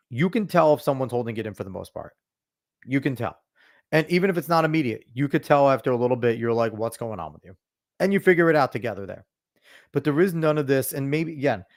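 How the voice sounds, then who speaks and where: A man in his thirties hosting a podcast, giving blunt, profane, animated opinions in casual commentary. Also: mid-range voice. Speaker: podcast host.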